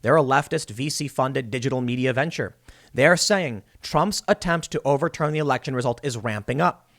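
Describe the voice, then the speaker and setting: A man's voice: medium pitch, moderate pace. A man hosting political commentary, reading news articles and adding sarcastic, opinionated remarks. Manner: animated, sarcastic, mocks opponents.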